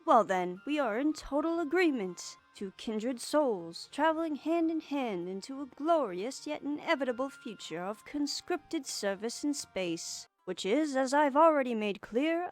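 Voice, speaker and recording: A woman's voice: high voice, pitched above the performer's own voice. Woman doing a pompous young troll boy. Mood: grandiose. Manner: pompous, flowery old-fashioned phrasing. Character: grandiloquent young male troll, eager, theatrical. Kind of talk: reading game dialogue aloud in character.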